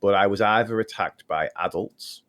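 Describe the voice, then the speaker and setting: Deep-voiced Scouse man in his forties. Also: a bit bright. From Liverpool, England. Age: 40s. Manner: halting, restarts often, laughs easily. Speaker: podcast guest. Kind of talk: casual personal conversation.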